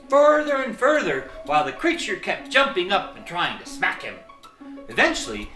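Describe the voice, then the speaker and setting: A narrator reading a children's storybook aloud in an expressive, lively storytelling manner. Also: medium pitch, roomy sound.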